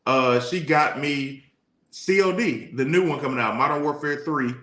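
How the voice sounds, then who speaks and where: A man's voice: a little high, normal speed, fairly bright tone. A man from Detroit co-hosting a casual live-streamed podcast, easygoing and rambling as he tells stories. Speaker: podcast co-host. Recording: echoey room.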